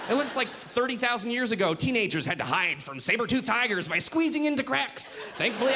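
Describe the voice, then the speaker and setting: Male stand-up comic, high and animated, shouting punchlines, live hall reverb. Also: fairly quick, few pauses. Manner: animated, shifts into silly voices, shouts punchlines. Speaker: stand-up comedian. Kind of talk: stand-up comedy set. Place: comedy club stage with a live audience. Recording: hall reverb, audience noise.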